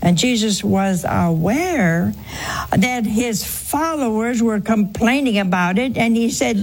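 Host for a faith call-in show: a woman with a husky voice, slow and deliberate, emphatic and earnest. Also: on the high side, lively intonation. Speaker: host answering a caller. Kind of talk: religious call-in teaching.

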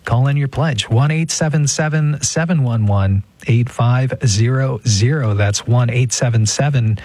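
A man's voice: mid-range voice, measured pace, darkish tone, dry recording. A man from California hosting a pledge drive on a radio show in a studio. He is chatty and self-deprecating, with many fillers. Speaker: radio host.

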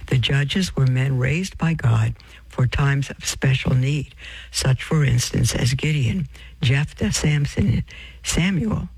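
Male preacher, gravelly and a little husky, reads a religious text aloud and drifts into asides, close dry sound. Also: medium pitch, slow pace, a little mellow, no room sound, rough recording. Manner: addresses listeners as beloved, reads with off-script asides and self-corrections. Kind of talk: sermon reading from a text with asides.

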